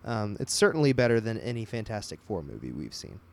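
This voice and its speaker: A man's voice: on the low side, big pitch swings, quick pace, gravelly, a little mellow. A man in casual conversation about a film, making jokey, sarcastic asides. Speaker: podcast co-host.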